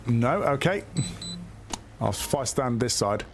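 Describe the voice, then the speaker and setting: In live commentary on a police game, a man chats hesitantly with himself, leaning heavily on fillers. His mid-range voice has lively intonation and he takes it slowly, with slight background noise behind him.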